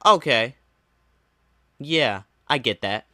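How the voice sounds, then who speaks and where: A man's voice: medium pitch, expressive, slow, bright, forceful tone, no echo, studio quality. A young man streamer telling a casual storytime, ranting with sarcastic, mocking retorts. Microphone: low-gain desk mic.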